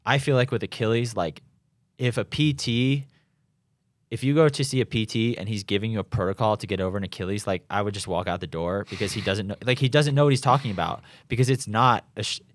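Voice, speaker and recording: A man's voice: lowish voice, fast talker, no echo. A young man, a professional triathlete, chatting loosely in an interview, full of restarts and fillers. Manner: rambling, many restarts and fillers, laughs at his own stories. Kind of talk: casual conversational interview. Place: home in Boulder.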